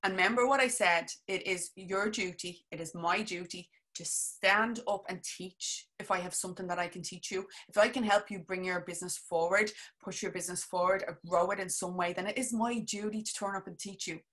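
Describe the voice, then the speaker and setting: A woman's voice: on the low side, steady tone, brisk, hardly any pauses, fairly bright tone. A woman, a business coach, chatting casually and eagerly to viewers on a live stream, rambling with restarts and frequent laughs.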